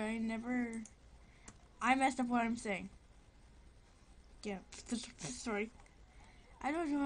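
A woman's voice: fairly high pitch, slight background noise. A young woman casually commenting on her gameplay, rambling, giggling and often apologizing. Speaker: gameplay video host.

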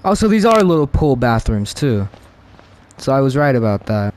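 A young man commenting as he plays a horror video game, talking to his viewers, excitable and cursing, often yelling in fright. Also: medium pitch, normal speed. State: out of breath. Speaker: gaming video creator. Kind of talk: let's play commentary.

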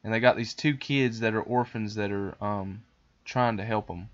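A man hosting a podcast, casually retelling a cartoon plot in a rambling, animated way. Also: fairly low pitch, normal speed, dull audio. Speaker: podcast host.

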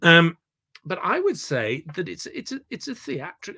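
A man directs actors over a video call, working through a scene in an online workshop. His voice sits fairly high for a man. He talks in an animated, digressive way and repeats words when he gets excited. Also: unhurried, gravelly, breathy edge. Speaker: theatre director leading a workshop.

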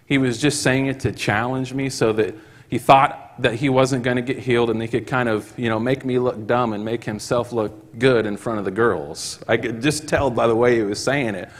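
A man's voice: medium pitch, normal speed. Storytelling preacher man in a reverberant hall. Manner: acts out quoted voices, rising to excited shouts. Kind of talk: storytelling sermon. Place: church hall.

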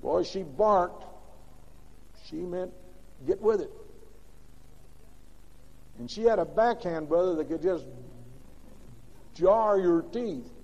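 A man preaching a sermon as pastor, swinging between loud emphatic bursts and quiet, low asides. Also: expressive, slow pace, long pauses. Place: large church sanctuary. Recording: old lo-fi recording with long reverb.

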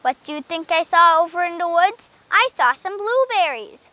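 A woman voicing a kind, motherly older sister who speaks gently and reassuringly. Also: very high-pitched, animated, normal speed, pitched above the performer's own voice, heavily acted. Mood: gentle.

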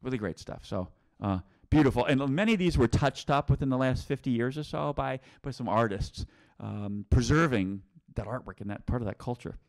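A man's voice: medium pitch, lively intonation, brisk, creaky, few pauses. A middle-aged man from New England giving a casual virtual tour, rambling with many restarts and chuckles. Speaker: tour guide and teacher.

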